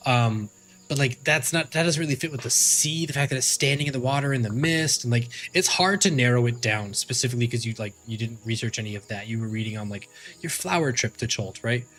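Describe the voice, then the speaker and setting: A man's voice: mid-range voice, a little fast, a bit bright. A man narrating as game master for a tabletop game, rambling with fillers and restarts.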